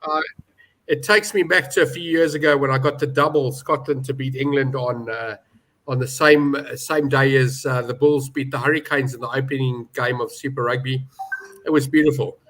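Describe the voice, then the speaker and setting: A man's voice: mid-range voice, steady tone, normal speed, fairly bright tone. A man giving emphatic, indignant betting opinions on a panel, with many restarts. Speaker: betting pundit. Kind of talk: animated panel discussion.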